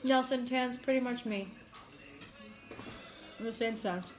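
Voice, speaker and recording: Music plays beneath this mukbang host as she talks through her meal at a measured pace in a slightly high voice. Chatting and telling stories, she laughs frequently and swears without a second thought, all captured on a rough recording.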